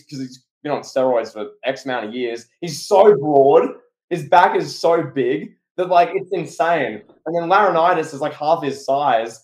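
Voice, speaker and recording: A man co-hosting a podcast, telling a story in an animated, excitable way. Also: fairly high pitch. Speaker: podcast co-host. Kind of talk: casual podcast chat. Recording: echoey room.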